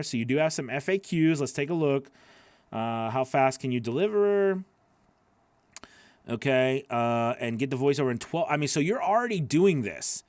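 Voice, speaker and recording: A man's voice: mid-range voice, no echo. A man coaching voice-over artists, reviewing their work live in a chatty, encouraging way with lots of fillers.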